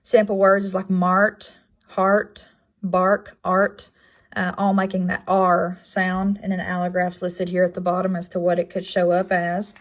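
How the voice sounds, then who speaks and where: A young woman walks through a class project presentation in an even, level tone with little rise or fall. Her voice sits a little low for a woman, and she leans on frequent ums and uhs as she goes. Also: normal speed. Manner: plain, with frequent um and uh fillers. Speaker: student presenter.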